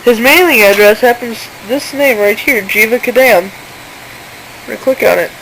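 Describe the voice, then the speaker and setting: A woman's voice: on the high side, unhurried, a bit bright, a little hiss or hum, rough recording. A woman in casual screen-recording commentary who talks informally and indignantly and reads messages aloud. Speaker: channel owner exposing a seller.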